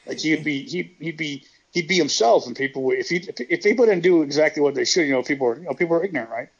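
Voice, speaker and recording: A man with a gravelly, husky voice tells rambling, profane stories in a casual interview, laughing often. The sound is slightly dull and lo-fi. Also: a little high, expressive, quick pace. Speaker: guest, retired pro wrestler.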